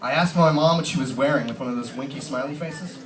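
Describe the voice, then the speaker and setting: A man's voice: mid-range voice, fast talker, fairly bright tone. Rambling male comic in a roomy pub. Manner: rambling, filler-heavy, casual storytelling. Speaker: stand-up comedian. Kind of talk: stand-up comedy set. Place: pub stage. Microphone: distant camera. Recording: roomy pub sound from a distant mic.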